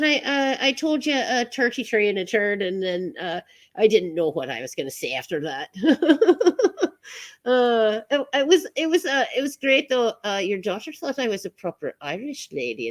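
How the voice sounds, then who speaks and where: A woman hosting an online show, chatting casually as she signs off, halting with many fillers and frequent laughs. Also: fairly high pitch, expressive. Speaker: show host. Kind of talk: casual live-stream sign-off chat.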